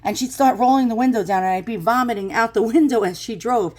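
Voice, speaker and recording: This YouTube vlogger, a woman in her fifties, talks fast in a slightly high, slightly mellow voice. She rambles through a casual home vlog in her kitchen, cranky and sarcastic, with plenty of swearing.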